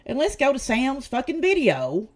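A woman's voice: sits high, wildly swooping pitch, normal speed. A woman with a Southern East Tennessee accent, hosting a casual livestream and ranting bluntly and profanely. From United States. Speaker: channel host.

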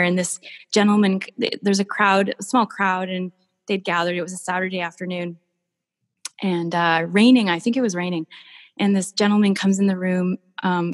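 A woman artist telling stories in a casual interview, gushing and animated. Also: lowish voice, big-room sound. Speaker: artist guest.

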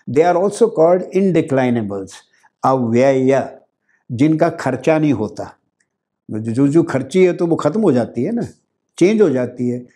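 A man's voice: a little high, dark tone. An older man with an Indian accent, a professor explaining grammar in a lecture, repeating key words and adding Hindi asides. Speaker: professor giving a talk on grammar.

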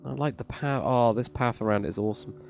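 A man's voice: medium pitch, quick pace, gravelly, a little mellow. A man giving casual, enthusiastic, rambling commentary while touring a game build. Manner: enthusiastic, rambling, praises freely. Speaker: Minecraft server plot reviewer. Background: faint background music.

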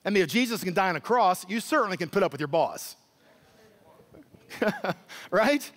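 Male pastor, sermon, emphatic, high voice, echoey hall. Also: expressive, normal speed, pauses often, a bit bright. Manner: emphatic, repeats key words, acts out quoted voices. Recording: echoey hall with long reverb.

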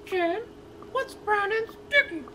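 Creepy joking ventriloquist doll for a horror comedy film. Very high, bright, slow. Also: male voice, a little hiss or hum, exaggerated voice. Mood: goofy. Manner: squeaky, drawn-out joke telling. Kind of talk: film dialogue.

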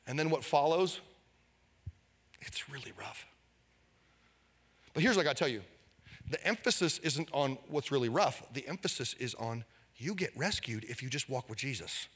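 A male pastor preaching an energetic sermon, leading the congregation in call-and-response. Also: medium pitch, a little fast, husky, long reverb tail. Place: church sanctuary.

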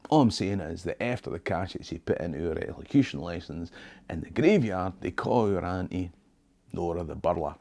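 Gravelly low-voiced Scottish man in his 60s. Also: dark tone. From Scotland. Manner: wry, joking storyteller sprinkling in Scots words. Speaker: history tour guide and channel host. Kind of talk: talking-head history video. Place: small home office.

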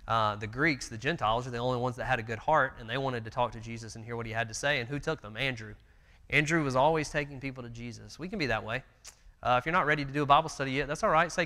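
A man in his thirties talks through a church Bible class in an earnest, conversational way, with plenty of fillers. His voice is bright and pushes forward. The recording carries the long reverb of a church hall. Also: mid-range voice, fast talker. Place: church meeting room.

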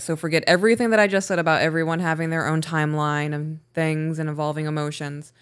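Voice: medium pitch, steady tone, quick pace, hardly any pauses, fairly bright tone, smooth. A co-host of a podcast who reads a viewer's email aloud and adds short, dry remarks. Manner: brief agreeing replies, dry remarks. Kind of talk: casual chat, reading a viewer email aloud.

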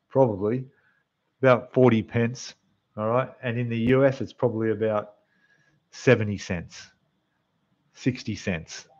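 A man with an Australian accent hosting a casual model-building livestream, chatting away to viewers in a slightly rough voice. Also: medium pitch, slow, long pauses, darkish tone, muffled recording. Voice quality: rough, losing its depth. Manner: chatty, rambling, talks to the chat while building. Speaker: scale model livestream host. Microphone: desk microphone, quieter when turned away.

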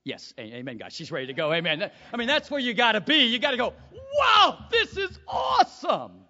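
A man preaching a sermon to a congregation, swinging from quiet asides to shouted peaks and calling for amens. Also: high voice, wildly swooping pitch, quick pace, big-room sound, dull audio.

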